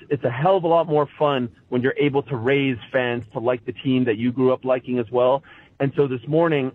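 A man in his forties from Montreal, talking emotionally and haltingly in a casual sports chat. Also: medium pitch, phone-quality sound. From Montreal, Canada. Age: 40s. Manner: emotional, self-described pessimistic, halting restarts.

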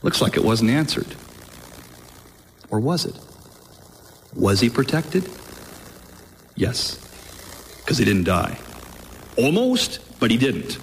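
Male preacher, measured sermon delivery, unhurried and emphatic, mid pitch. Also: sing-song, slight background noise. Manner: emphatic, rising pitch on key phrases, slow deliberate delivery. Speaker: pastor.

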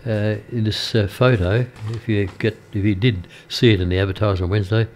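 An older man with an Australian accent chats on air from a small radio studio, drifting through a story with plenty of halting fillers and restarts. His voice sits somewhat low for a man, and the talk is easygoing and unscripted. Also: fairly even intonation, darkish tone, a little hiss or hum. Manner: rambling, halting with many fillers. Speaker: radio presenter. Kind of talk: casual radio chat between songs.

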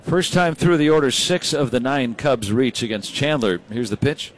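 A man calling baseball play by play, brisk and rising when big plays happen. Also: mid-range voice, animated, a little hiss or hum. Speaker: play-by-play announcer.

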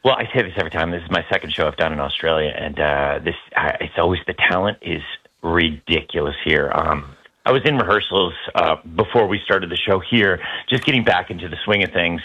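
An American man, a guest actor, chatting in a relaxed way in a radio interview. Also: low voice, breathy edge, highs cut off. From United States. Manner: relaxed, chatty, quick restarts.

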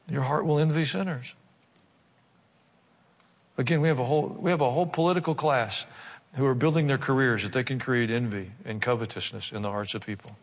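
A pastor with a somewhat high, fairly bright voice preaches a sermon from the pulpit, expressive and fairly quick. He reads scripture, slips in wry asides, and drives his points home with dramatic emphasis, his words echoing with a long reverb as if in a large hall.

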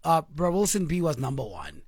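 A man's voice: fairly high pitch, sing-song, fairly quick, a little mellow, slightly rough, dry recording, clean studio sound. A man with a South African accent hosting a radio show, playful and teasing in his banter. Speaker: radio host.

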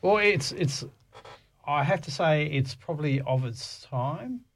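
A man's voice: fairly high pitch, lively intonation, a little slow, a little hiss or hum. Radio guest guy, kinda hesitant, trips over his words at the start. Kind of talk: casual chat.

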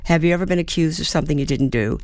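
A woman's voice: sits low, racing, darkish tone, no room sound, clean studio sound. A woman in her seventies from the United States, a guest actor and playwright, answering reflectively and animatedly, with many fillers and sounded-out rhythms. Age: 70s. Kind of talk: reflective interview talk.

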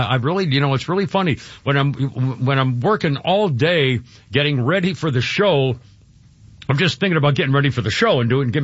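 A man's voice: mid-range voice, no echo, muffled recording. A man hosting a talk radio show, emotional and rambling, often choked up and restarting his sentences.

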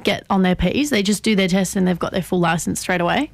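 A young Australian woman co-hosting a casual chat, chatty and quick to react. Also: on the low side, creaky, dry recording.

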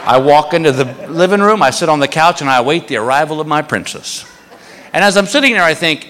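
A man doing stand-up, telling a story in a lively, animated way and acting out other people's voices. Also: quick pace, background noise. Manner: animated, acts out a high-pitched wife's voice. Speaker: stand-up comedian. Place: comedy club stage with live audience. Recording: live club recording, hall reverb, crowd.

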